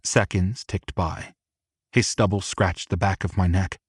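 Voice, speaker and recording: A man narrates a novel in the first person, taking it slow and measured. His voice is husky and a little low-pitched. The sound is close and dry. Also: steady tone, no echo. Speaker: audiobook narrator.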